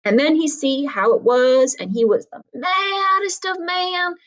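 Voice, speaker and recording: A woman's voice: high voice, expressive, unhurried, rough recording. Casual woman reading a story aloud. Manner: casual and conversational. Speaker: reader.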